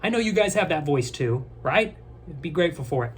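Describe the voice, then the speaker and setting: A young man talking straight to his viewers in a loose, rambling way, his voice sitting a little high. He jokes, trails off and restarts, and there's a faint hiss under the recording. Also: lively intonation. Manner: rambling, joking, then tearful and halting. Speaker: vlogger. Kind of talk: casual rambling to camera.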